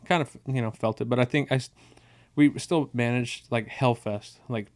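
A man's voice: medium pitch, moderate pace, darkish tone. A man co-hosting a podcast, telling tour stories in a loose, rambling way with a lot of swearing. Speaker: podcast co-host. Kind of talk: casual chat.

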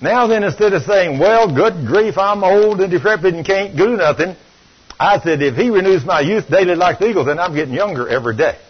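An older man preaches with fervent, animated energy, slipping into acted-out quotes. His voice sits a bit high and husky. The recording is muffled and lo-fi. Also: brisk. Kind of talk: sermon.

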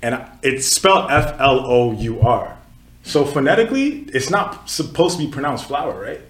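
This Nigerian-born man in his twenties runs a casual podcast conversation, easing through stories with plenty of filler words. His mid-range voice moves at a normal speed, and the sound is roomy.

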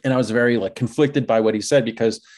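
A man's voice: mid-range voice, fairly even intonation, fast talker, a little mellow. A young man telling a personal story in a casual, chatty way, with many filler words, laughing at himself now and then. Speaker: guest telling his vocation story.

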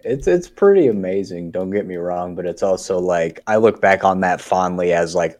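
Podcast host, male, very low voice, rambling storyteller who swears a lot. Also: expressive, normal speed, few pauses, darkish tone. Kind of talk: casual chat.

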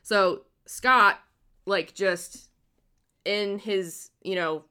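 Bright-voiced woman telling a crime story. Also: medium pitch, very slow, clean tone. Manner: laughs often, swears freely, loose storytelling. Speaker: podcast host telling a true crime story. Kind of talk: casual storytelling chat.

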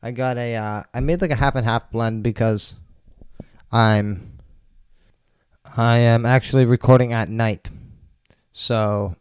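A stoned man hosts his podcast from a table at home, talking in a loose, rambling, foul-mouthed way. His mid-pitched voice comes through smooth and resonant, close and dry with no room sound around it. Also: steady tone, slow, pauses often, darkish tone, no echo. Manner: rambling, profane, laid-back. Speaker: podcast host. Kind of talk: casual solo podcast chat. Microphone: table mics.

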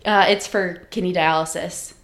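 A woman's voice: lowish voice, steady tone, normal speed, a bit bright. A woman in her twenties, a podcast guest chatting casually, easygoing and giggly with lots of fillers. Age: 20s.

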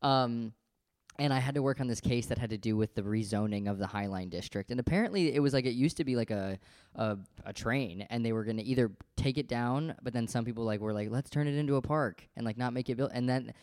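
A man co-hosting a podcast in casual chat, teasing and quick to laugh. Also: mid-range voice, darkish tone, no echo, studio quality. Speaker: podcast co-host.

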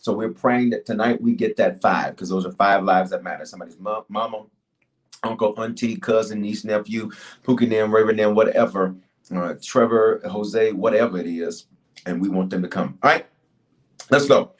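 A middle-aged man preaching and praying on a livestream, calling out to his audience with bursts of shouting and quiet asides. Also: lowish voice, normal speed. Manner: energetic, call-and-response, shifts from shouting to quiet. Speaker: pastor. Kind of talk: livestreamed sermon and prayer.

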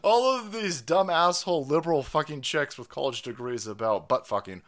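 A man hosting a political livestream, ranting loudly and crudely with sarcastic laughs. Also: a little high, expressive, normal speed. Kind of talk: profane political rant.

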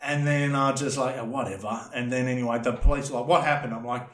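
A man's voice: medium pitch, fast talker, roomy sound. Rambling guy telling a story. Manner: rambling, animated, swears freely. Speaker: podcast guest telling a story. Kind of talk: casual storytelling.

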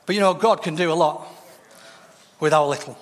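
A man with a high, light voice preaches to his church, telling stories and acting out the figures in them. His voice rings out with a long reverb, as though filling a large hall. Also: fairly quick. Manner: storytelling, voices quoted figures with shifts in pitch. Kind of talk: sermon.

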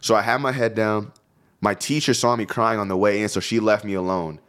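A young man co-hosting a podcast, telling a high school story in a casual, profane, animated way. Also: a little fast, smooth. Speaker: podcast co-host.

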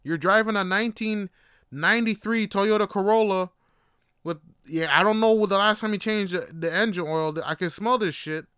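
A man from Jamaica spins a profane travel story, with a bright, ringing edge to his fairly high voice. his tone stays smooth and clean, recorded close and dry with no room sound. he laughs easily and trips over restarts. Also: moderate pace, dry recording. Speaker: podcast host. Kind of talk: casual storytelling monologue.

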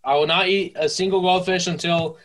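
Young man, tipsy podcast co-host, playful mock-ad delivery, somewhat high voice. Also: steady tone, a little fast, fairly bright tone. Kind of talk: casual drunk podcast banter.

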